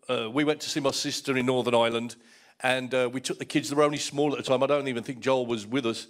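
A man's voice: mid-range voice, fairly even intonation, fast. A middle-aged man preaching a sermon as pastor, telling stories and repeating words as he starts a thought.

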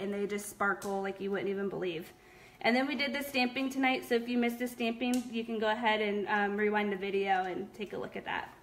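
A young woman hosting a casual live stream, reading viewer comments aloud with many fillers. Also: on the high side. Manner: chatty, upbeat, many fillers. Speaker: live-stream host of a nail product shop.

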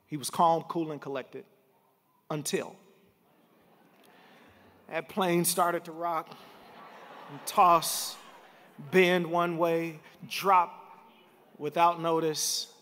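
A man's voice: on the high side, slow pace, long pauses, fairly bright tone. A man preaching a sermon as pastor, telling a story and building to emphatic points. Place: large church sanctuary. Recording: reverberant church hall.

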